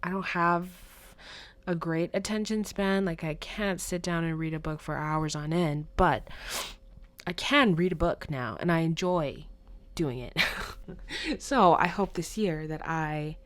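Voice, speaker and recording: A young woman talks through her podcast in a relaxed, chatty way. Her voice sits slightly lower than most, and she brings old moments to life with animated quoted lines. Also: unhurried. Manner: chatty, animated retelling with playful acted-out quotes. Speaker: podcast host. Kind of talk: casual solo podcast storytelling.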